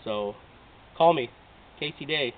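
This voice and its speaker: Speaking slowly in a mid-range voice far from the mic, a man in his late thirties from Oregon, United States, makes an earnest, emotional plea in a reality show audition video. The off-mic audio sounds tinny and lo-fi, with faint hiss.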